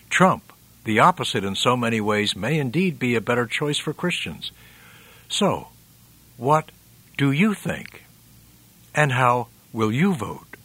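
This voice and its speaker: A man hosting a commentary program, reading out listener replies in a measured, emphatic way and chuckling often. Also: medium pitch, bright, forceful tone, dry recording. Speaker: radio commentary host.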